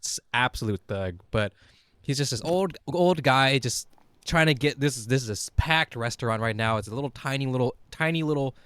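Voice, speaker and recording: A man's voice: medium pitch, lively intonation, a little fast, fairly bright tone, clean tone, no echo. A young man, a podcast co-host, rambling through a funny story in casual chat, laughing and swearing freely. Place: small podcast studio.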